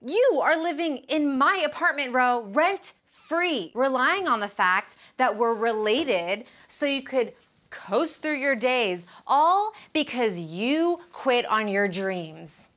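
An actress playing a defensive, sharp-tongued young woman in a scripted series, snappy and exasperated. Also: mid-range voice, lively intonation, moderate pace. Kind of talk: scripted web-series acting.

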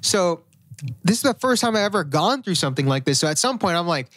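A young man co-hosting a podcast, telling a story in a loose, profane, animated way. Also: high voice, fast talker, no room sound, studio quality. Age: young adult. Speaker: podcast co-host. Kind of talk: casual storytelling chat.

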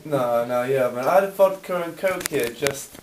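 A man's voice: mid-range voice, expressive, normal speed. Man as a baffled bar customer, hesitant and stammering, far from the camera mic. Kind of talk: amateur comedy sketch acting. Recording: roomy, distant camera mic, faint noise.

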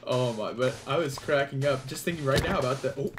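A man's voice: medium pitch, a little fast, heavy background noise. A man hosting a gameplay video, chatting casually with a co-player and laughing easily. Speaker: let's play host. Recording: home mic with loud keyboard clicks. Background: keyboard typing and mouse clicks.

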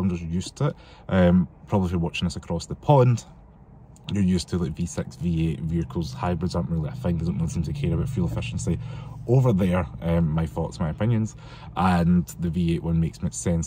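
A man from the UK with a low, mellow voice chats casually and rambles on his car vlog. He's recorded outdoors on a cold, windy day.

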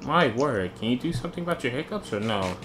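A young man talks through a video game with a friend, chatty and quick to yelp when something jumps him. His voice sits at an ordinary pitch. Faint noise hums under the recording. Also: sing-song. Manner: chatty, easily startled, joking. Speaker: gamer. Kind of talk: casual gameplay chat.

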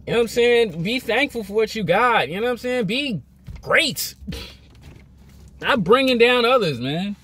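A man's voice: very high voice, animated, moderate pace, fairly bright tone, slightly rough. A young man vlogging a motivational rant, emphatic, repetitive and scolding.

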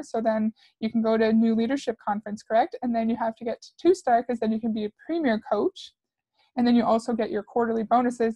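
A woman's voice: fairly high pitch, creaky, dark tone, no echo. A woman commentator reacting to clips with sarcastic, skeptical remarks. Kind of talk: critical commentary.

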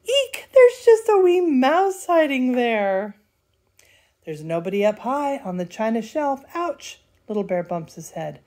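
An older woman, a grandmother, reading a bedtime storybook aloud in a lively, playful way. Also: a little high, a little slow. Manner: lively, playful, does character voices.

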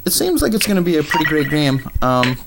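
Halting Minnesota-accented man reviewing a game. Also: a little high, very animated, noisy background. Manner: halting, many ums and uhs. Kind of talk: casual game review commentary.

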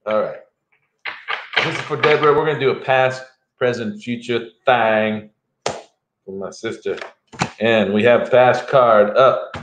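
Middle-aged man, tarot reader, unhurried delivery, joking asides, roomy echo. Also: medium pitch, noisy background. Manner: playful, jokes and laughs between readings. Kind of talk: live tarot reading for viewers.

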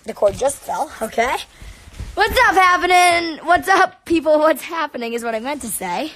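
A woman hosting a casual live stream from her bedroom, chatting with viewers in a bubbly, excitable way. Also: high voice, a little fast. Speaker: livestream host. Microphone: laptop or phone live stream.

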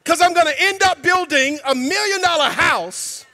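High-voiced preacher man in a reverberant hall. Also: normal speed. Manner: emphatic, colloquial, breaks into shouts. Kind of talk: sermon. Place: church sanctuary.

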